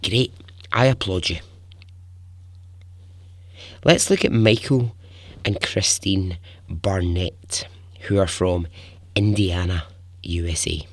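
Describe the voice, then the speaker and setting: Man, podcast host, casual storytelling, deeper voice, chuckles a lot. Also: takes it slowly, long pauses, no echo. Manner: chatty and informal, chuckles often, swears casually.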